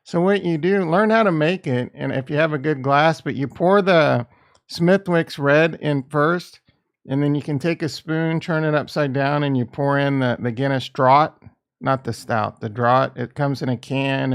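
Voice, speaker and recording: A man's voice: mid-range voice, measured pace. A man streaming live, thinking aloud as he trades crypto, with a rambling, casual and profane manner. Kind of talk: casual livestream chat.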